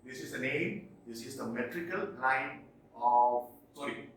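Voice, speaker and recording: A man teaching poetry terms in a recorded video lecture, explaining slowly and repeating key terms, often checking whether it is clear. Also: mid-range voice. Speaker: English teacher. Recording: echoey room, distant mic.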